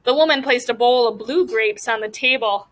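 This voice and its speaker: A woman's voice: a little high, low-quality recording. A woman teacher reading a novel aloud to her class and stopping to ask the students questions. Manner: pauses to question students about the story.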